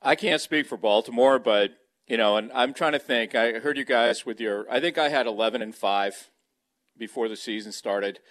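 A man's voice: mid-range voice, normal speed, a bit bright. A man talking football as a radio guest from his home, rambling with many restarts, on a handheld microphone. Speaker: guest on sports talk radio. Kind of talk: casual sports talk over a remote mic. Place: at home, beside a kitchen.

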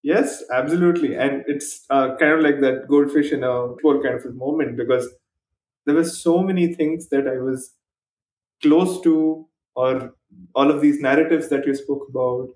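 A man hosting a podcast interview. He talks in a calm, reflective way, agrees readily and sums up his guest's points for listeners. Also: medium pitch, moderate pace. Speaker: podcast host. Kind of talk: casual interview conversation. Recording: echoey room with faint music.

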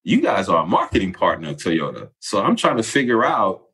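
With a deep voice and a brisk pace, a man who once played basketball shares a candid story in easygoing chat. He's a relaxed storyteller who performs the quoted lines in different voices.

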